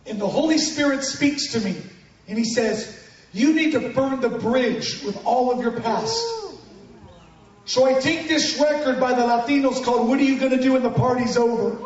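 A man giving a sermon testimony to a congregation, telling his story with animated bursts of shouting and banter with the crowd. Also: very high-pitched, normal speed. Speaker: guest preacher giving testimony. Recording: echoey hall from far off, dull sound.

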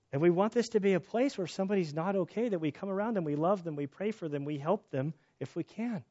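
Male pastor, earnest and candid, raised pitch, somewhat winded, restarts a lot, muffled low-fi recording. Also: fast talker, few pauses, dark tone. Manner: earnest, candid, restarts often, voice rises when emphatic. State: out of breath. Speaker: pastor teaching through scripture. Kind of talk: expository sermon. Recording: dull lo-fi sound.

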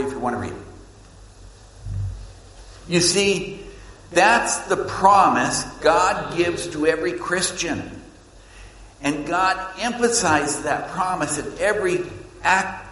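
Preacher with dramatic swings in a reverberant hall. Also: male voice. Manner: dramatic swings between loud emphasis and hushed low lines. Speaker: pastor. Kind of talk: sermon. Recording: echoey hall with long reverb.

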